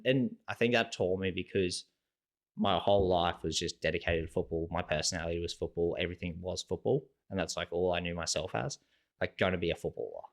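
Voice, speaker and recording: A young man in his twenties with an Australian accent, a podcast guest telling his story in a loose, casual way and filling his talk with "like" and "sort of". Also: low voice. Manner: rambling, heavy use of "like" and "sort of" fillers.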